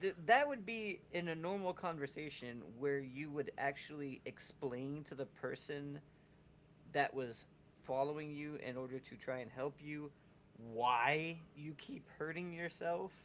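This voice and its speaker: A co-host in casual podcast chat, skeptically picking apart what they just heard. The voice sits at a middle pitch and stays conversational. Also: measured pace, fairly bright tone, slight background noise. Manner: skeptical, picks apart the plot. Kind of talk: casual chat, critical commentary.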